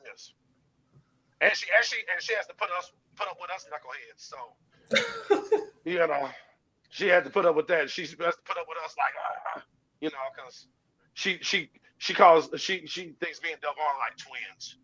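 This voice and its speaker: A man chatting casually as a radio show guest, an animated storyteller who acts out voices. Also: on the high side, moderate pace, husky, muffled recording. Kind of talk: casual chat.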